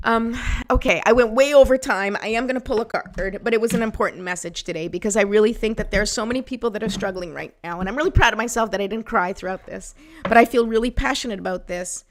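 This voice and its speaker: A woman's voice: mid-range voice, fast, a little hiss or hum. A woman hosting a spiritual livestream, talking earnestly and emotionally to viewers, close to tears at times. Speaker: spiritual live-stream host. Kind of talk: heartfelt livestream talk with card reading.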